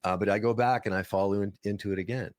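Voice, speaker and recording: A man's voice: fairly low pitch, fast, no room sound, clean studio sound. A man who grew up in northern Minnesota, telling stories in a casual interview and slipping into playful voices now and then. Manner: animated storyteller, slips into playful impressions. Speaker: guest, voice-over artist and author.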